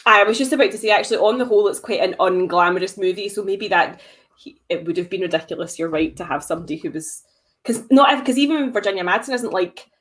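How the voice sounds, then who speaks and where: A woman's voice: mid-range voice, quick pace. A woman co-hosting a film podcast, chatting casually and laughing often. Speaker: podcast co-host.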